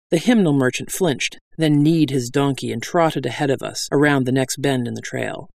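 A man's voice: mid-range voice, moderate pace, vocal fry, few pauses, no room sound. A man reading a fantasy story aloud as narrator, wry and dry-humored.

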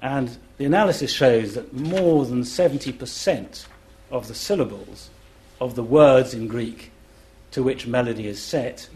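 Slow, deliberate man explaining. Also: medium pitch, a little mellow. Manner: demonstrative, chants rhythms aloud; measured and deliberate. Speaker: festival panel speaker, classics scholar. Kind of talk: explanatory public talk.

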